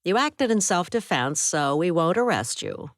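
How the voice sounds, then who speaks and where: A woman's voice: fairly low pitch, very animated, moderate pace, no echo, clean studio sound. A woman reading a stern female police officer.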